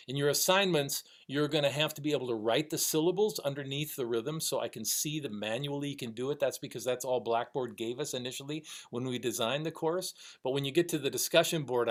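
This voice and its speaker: A middle-aged man teaching music online, counting rhythms aloud in a casual, encouraging way over a video call. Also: mid-range voice. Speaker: music instructor. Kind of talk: recorded online class lecture.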